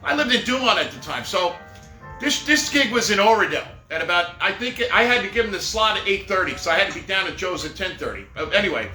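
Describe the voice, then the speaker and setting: A man's voice: high-pitched, lively intonation, fast talker, pushed and bright. A middle-aged man telling rambling, jokey stories on a live stream and laughing at his own jokes, recorded in an echoey room with faint music behind. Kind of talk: casual storytelling.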